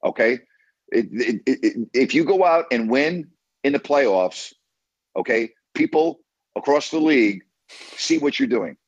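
Blunt, emphatic sports radio host. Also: male voice, medium pitch, lively intonation, unhurried, no echo, lo-fi sound. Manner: blunt, emphatic, repeats "okay" and "who cares". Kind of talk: call-in sports talk.

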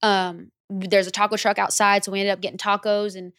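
Slangy, animated young woman telling a story. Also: mid-range voice, brisk, clear, resonant tone, dry recording, clean studio sound. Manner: animated, slangy, acts out her own past reactions. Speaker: recording artist guest. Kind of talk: casual interview storytelling.

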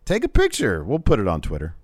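A man's voice: lowish voice, wildly swooping pitch, fast, dry recording, clean studio sound. A man co-hosting a live-streamed podcast, recapping wrestling in a rambling, casual way with lots of fillers. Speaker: podcast co-host.

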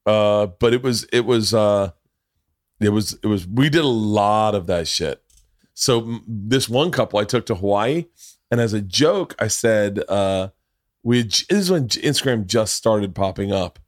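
A man's voice: lowish voice, moderate pace, no room sound, clean studio sound. A man hosting a podcast, telling a long story in casual chat, rambling with many restarts and plenty of swearing. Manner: rambling, profane, restarts often, gets loud and laughs when excited. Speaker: podcast host.

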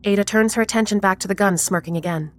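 A woman narrating a horror story in a measured, even storytelling manner. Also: medium pitch, soft background music.

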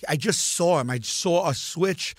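A man who is a comedian guest, telling lively anecdotes in casual podcast talk and acting out the quoted lines. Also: on the high side, a little slow, no room sound. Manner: animated anecdote teller, acts out quoted lines.

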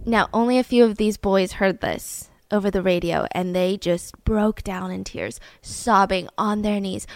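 A young woman hosting a storytelling podcast, narrating in an animated way and acting out quotes. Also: mid-range voice, unhurried, gravelly, faint music behind. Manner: animated, acts out quotes with laughs. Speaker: podcast host.

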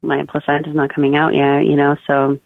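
A woman's voice: low voice, completely flat delivery, fairly quick, vocal fry, no room sound. A young woman chatting casually as a podcast guest, full of fillers like "like" and "oh my God.". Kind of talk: casual birth-story interview. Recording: dry tinny phone-like line.

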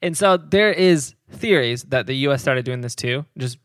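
A man's voice: mid-range voice, expressive, normal speed, a bit bright, no room sound, clean studio sound. A man co-hosting a podcast, telling history in casual rambling chat, laughing often and hedging on figures. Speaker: podcast co-host.

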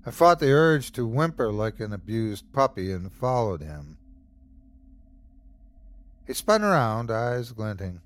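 A male podcast host narrates a horror story in measured, dramatic tones. His delivery is slow, and his pitch rises and falls expressively from line to line. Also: big pitch swings.

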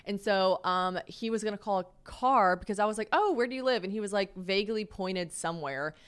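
Young woman podcast host rambling thru a date story, tons of "like", swears, mid-pitch voice, acts out the quotes. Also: brisk, clean tone. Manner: chatty and animated, lots of "like" fillers, acts out quoted dialogue; self-mocking asides and swearing. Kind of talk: casual storytelling monologue.

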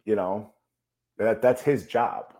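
A man's voice: on the low side, slow pace, creaky, mellow. A man co-hosting a sports talk show, fired up and ranting about his team's play. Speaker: co-host, former player.

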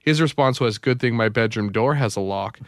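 A man's voice: medium pitch, normal speed, dry recording, studio quality. A man co-hosting a morning radio show, reading listener stories aloud and joking in casual banter. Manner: jokey, reads listener texts aloud with laughs. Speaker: radio co-host. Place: radio studio. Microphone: studio microphone.

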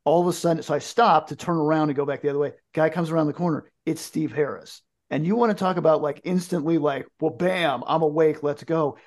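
A man telling a story in casual chat, animated, jokey, acting out the dialogue. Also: fairly high pitch, a little fast, hardly any pauses.

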